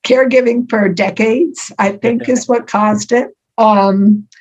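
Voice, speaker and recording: An older woman being interviewed as an author, telling stories warmly with frequent ums and laughs. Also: a little high, fairly even intonation, takes it slowly, low-quality recording. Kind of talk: conversational interview.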